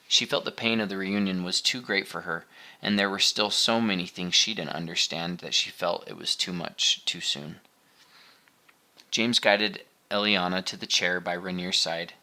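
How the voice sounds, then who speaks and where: Deep-voiced male audiobook narrator. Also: steady tone, moderate pace, sharp tone. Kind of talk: scripted narration.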